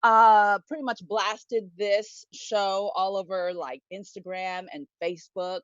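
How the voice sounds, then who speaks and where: A woman's voice: mid-range voice, steady tone, takes it slowly, no echo. A woman doing a stand-up set from a small bedroom corner over a video call, in a chatty, confiding way. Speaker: stand-up comedian. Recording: dull lo-fi dry audio.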